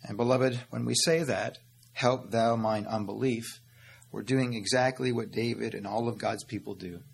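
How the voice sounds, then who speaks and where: A man's voice: mid-range voice, fairly even intonation, moderate pace, creaky, slight background noise. A man preaching a sermon as pastor, earnest and direct, calling his listeners "beloved" and "my friend" and asking questions he answers himself.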